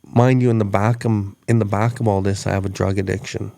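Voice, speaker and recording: Male host, low gravelly voice, earnest storyteller, dry close sound. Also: flat delivery, a little fast, dark tone, dry recording. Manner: earnest, repeats words as he restarts. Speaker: podcast host. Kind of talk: reflective storytelling chat.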